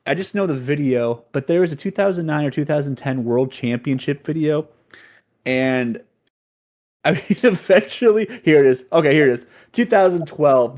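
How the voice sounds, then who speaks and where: A man's voice: mid-range voice, a little mellow. A man guesting on a casual podcast, rambling with lots of fillers and giggles.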